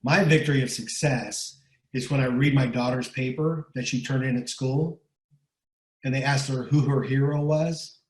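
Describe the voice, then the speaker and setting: A man's voice: medium pitch, fairly even intonation, normal speed, reverberant, low-quality recording. A middle-aged man speaking as an interview guest. He gives motivational talk, pushes his points hard, repeats words and keeps asking "right?". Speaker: guest speaker and recovery coach.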